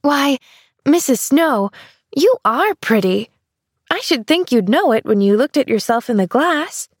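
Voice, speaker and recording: In a storybook reading, a woman uses an exaggerated, high voice pitched above her own to portray an eager, cheerful little girl. Her delivery is very animated, measured in pace, and breathy-edged, gushing and exclamatory. The sound is dry and studio-quality.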